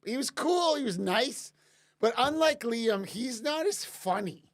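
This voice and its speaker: A man's voice: extremely high pitch, animated, measured pace. A man casually answering chat questions on a live stream, rambling with many restarts and fillers. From Canada.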